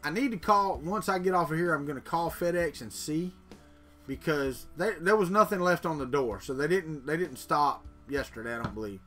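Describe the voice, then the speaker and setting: A man's voice: fairly high pitch, moderate pace, a bit bright, soft background music. A man hosting a casual livestream, chatting and joking with viewers as he reads their comments aloud. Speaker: livestream host. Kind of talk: casual live chat with viewers.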